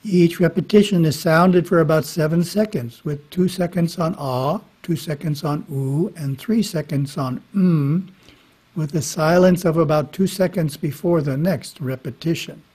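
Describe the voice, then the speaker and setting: A man giving a spiritual talk, reading scripture in a measured way with brief casual asides. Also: on the high side, a little mellow, husky. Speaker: monastery teacher. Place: monastery. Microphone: webinar microphone.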